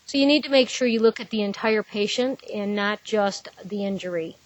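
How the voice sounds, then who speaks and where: A woman's voice: mid-range voice, moderate pace, no room sound. A woman giving a conversational trauma-care lecture, explaining through patient scenarios in a plain, direct way. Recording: dull, dry lecture recording.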